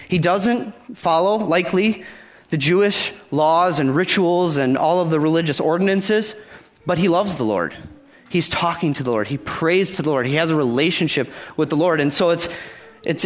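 A man preaching a conversational sermon, reading scripture aloud and acting out the dialogue in his own words. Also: fairly high pitch. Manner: conversational, acts out the dialogue with repeated phrases. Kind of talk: sermon, Bible teaching.

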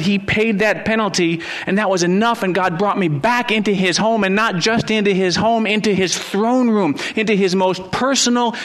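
Man, pastor, sermon, earnest, fervent build-ups, middle-aged, somewhat high pitch. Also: fairly bright tone. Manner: earnest, rising to fervent emphasis, with repeated restarts.

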